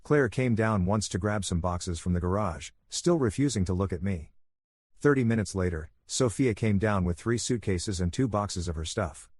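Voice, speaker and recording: A man calmly narrating a first-person story in a soothing, even voice for listeners to fall asleep to. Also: on the low side, moderate pace, no echo, studio quality.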